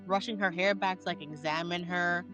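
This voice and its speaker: A woman co-hosting a book club podcast, retelling the chapter in casual, slang-heavy chat. She keeps slipping into quoted character lines with lively jumps in her voice. Faint music sits under the talk. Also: lowish voice, normal speed, muffled recording.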